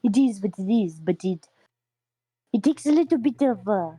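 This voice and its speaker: A woman's voice: medium pitch, lively intonation, moderate pace, warm tone, breathy edge, no echo. A woman joking and playfully pleading in casual chat with a friend.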